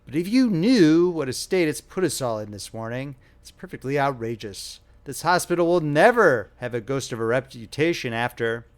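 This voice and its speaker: A man's voice: mid-range voice, expressive, moderate pace, few pauses, clear, resonant tone, lightly acted. A man voicing a stern, prim female nurse who speaks severely.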